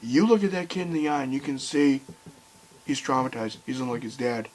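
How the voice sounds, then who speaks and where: A young man ranting heatedly to camera, swearing often and swinging between loud outbursts and quiet bitterness. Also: medium pitch, animated, fairly quick, rough recording. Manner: heated, swearing, voice rising and falling sharply. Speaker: video commentator. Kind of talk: angry rant to camera.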